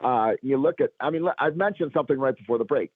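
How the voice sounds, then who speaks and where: A man with a cold and a raspy voice, a guest on a radio talk show, speaking emphatically and pushing up to his key points. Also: medium pitch, fast, no room sound. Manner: emphatic, rising to punch lines. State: hoarse from a cold. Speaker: guest commentator. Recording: phone line.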